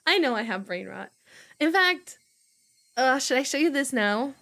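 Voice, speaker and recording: Giggly woman streamer rambling off topic, kinda high voice, super chatty. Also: sing-song, a little slow, creaky, a bit bright. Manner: giggly, rambling, easily sidetracked. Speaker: voice acting streamer. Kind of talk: casual chat.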